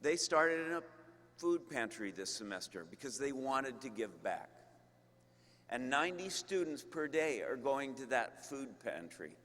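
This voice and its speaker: A man giving a commencement speech to graduates as a university leader, slow and emphatic with deliberate pauses. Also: mid-range voice, very animated, fairly bright tone. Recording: long reverb of a large hall.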